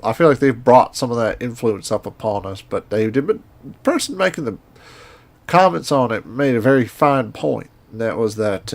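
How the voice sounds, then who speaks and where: Gravelly guy w/ a twang, rambling folksy game commentary. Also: medium pitch. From Indiana. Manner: rambling, folksy, talks to himself while playing. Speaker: gaming streamer. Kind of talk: casual gameplay commentary.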